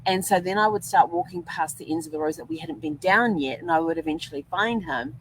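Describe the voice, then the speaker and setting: A woman's voice: lowish voice, brisk, slight background noise, rough recording. An older woman hosting a podcast, telling rambling stories in a chatty way and laughing often. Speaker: podcast host. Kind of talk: casual storytelling monologue.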